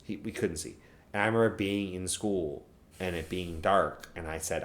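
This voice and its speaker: Very low-voiced joking man. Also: normal speed. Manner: joking, trails off and restarts, drops into mock voices. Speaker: podcast guest co-host. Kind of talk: casual chat.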